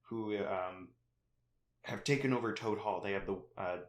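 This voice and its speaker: Laughing young man in an echoey room. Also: on the low side. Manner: laughs often, acts out characters in quick funny voices. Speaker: podcast host. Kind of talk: casual film podcast chat.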